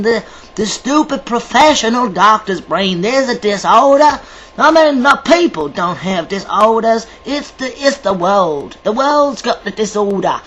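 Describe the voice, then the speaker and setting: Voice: medium pitch, lively intonation, unhurried, a bit bright, dull audio. A vlogger from Ireland talking in a rambling monologue, stumbling over words, swearing often and drifting between accents. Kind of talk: casual video monologue. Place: lives in Germany.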